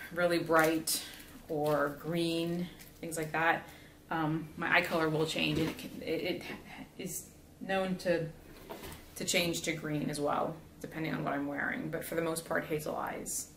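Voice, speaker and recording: Chatty woman vlogging in an echoey room. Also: deep voice. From South Florida. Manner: chatty, rambling, many fillers. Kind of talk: casual chat while building a gingerbread house. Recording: echoey room, faint background hiss.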